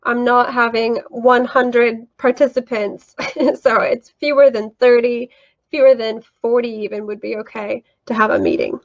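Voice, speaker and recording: A woman, an English teacher, walking through her lesson plan and online classroom tools in a clear, explanatory way. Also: on the high side, lo-fi sound.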